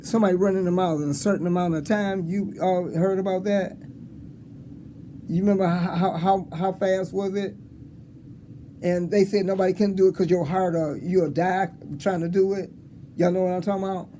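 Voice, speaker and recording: A man's voice: sits high, moderate pace, a little hiss or hum. Upbeat encouraging man around sixty. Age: 60s. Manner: rambling, encouraging, animated storytelling with chuckles. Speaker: motivational speaker. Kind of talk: casual motivational talk to students. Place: school hall with an audience.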